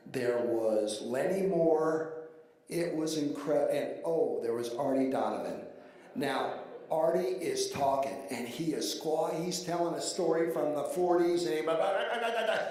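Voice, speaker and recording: An older man from Baltimore emcees an awards dinner, telling stories and getting loud as he cheers on the guests. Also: fairly high pitch. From Baltimore, USA. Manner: storytelling, rising to loud cheering. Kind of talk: banquet emcee remarks. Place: large banquet hall. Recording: echoey banquet hall.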